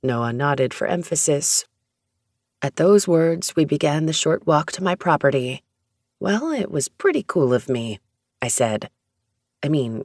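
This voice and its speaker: An audiobook narrator reading a first-person romance story in a steady, even storytelling manner. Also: medium pitch, dry recording, clean studio sound.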